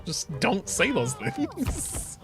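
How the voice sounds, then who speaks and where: A young man chatting casually while he plays, candid and full of swearing and laughter, jumping into high mocking voices when he quotes people. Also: huge pitch swings, extremely slow. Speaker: streamer. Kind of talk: casual chat while gaming. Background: game music.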